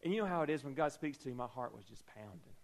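A man's voice: medium pitch, animated, fast talker, creaky, poor audio. A man preaching a sermon, telling a personal story with humorous asides and acting out the dialogue.

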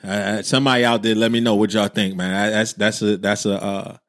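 A man co-hosting a casual talk show, speaking in a relaxed, thoughtful way and reading out listener comments. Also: lowish voice, a little fast, dry recording, clean studio sound. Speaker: podcast co-host. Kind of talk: casual chat.

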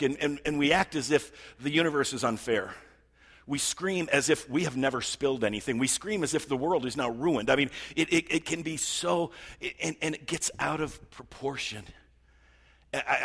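A man's voice: mid-range voice, a bit bright, husky, in a large hall. A middle-aged man preaching a sermon in an earnest, conversational way, often stammering over restarts. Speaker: pastor.

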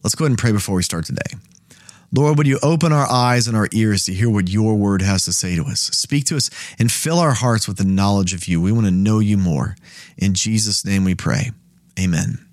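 A man's voice: fairly low pitch, a little fast, no room sound, clean studio sound. Conversational man teaching the Bible. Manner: conversational, thinking aloud with restarts. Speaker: Bible study host. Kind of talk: casual Bible teaching and scripture reading.

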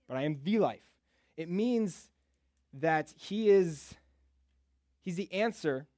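A man's voice: mid-range voice, darkish tone, no echo, clean studio sound. Chatty man giving a casual sermon. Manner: chatty, joking, conversational. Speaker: preacher.

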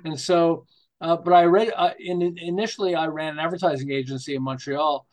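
Podcast guest: older man from Canada, a bit high-voiced, lively, rambling anecdotes. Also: fairly quick. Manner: rambling, animated anecdotes with restarts. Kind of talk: casual interview storytelling.

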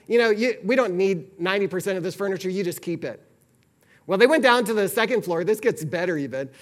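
A man preaching, telling a long story and acting out the lines of the people in it. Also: sits high. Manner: animated, acts out quoted dialogue. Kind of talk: sermon storytelling.

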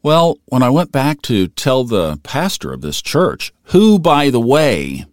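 A man's voice: medium pitch, huge pitch swings, slow, no room sound, clean studio sound. A middle-aged man telling a personal story in an earnest, conversational way, growing emotional at moments. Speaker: storyteller recalling his career.

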